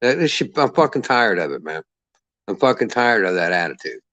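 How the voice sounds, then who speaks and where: A man's voice: fairly low pitch, sing-song, a little fast, a bit bright, dry recording. A man delivering a heated, profane boxing rant as the channel's commentator. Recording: dull lo-fi dry sound.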